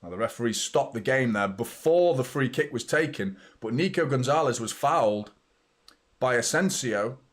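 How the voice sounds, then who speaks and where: Hosting a live football watchalong, a chatty man comments on the match in an animated, medium-pitched voice at a moderate pace. He swears and reacts loudly to the play.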